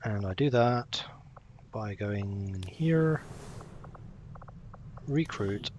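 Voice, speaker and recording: A man's voice: fairly low pitch, animated, very slow, a little mellow, muffled recording, a little hiss or hum. A young man casually commenting as he plays a game, chatting with his viewers. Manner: chatty, talks to himself and to chat while playing. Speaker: game streamer.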